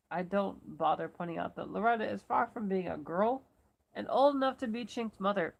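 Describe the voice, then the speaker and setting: Low gravelly woman reading a novel aloud. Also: brisk, rough recording. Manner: first-person narration with asides and self-corrections. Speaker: reader.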